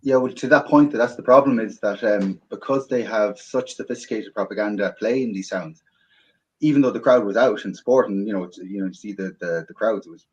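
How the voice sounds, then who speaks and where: Halting man on dull audio. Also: fairly low pitch, darkish tone. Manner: hesitant, halting with repeated words. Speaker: host.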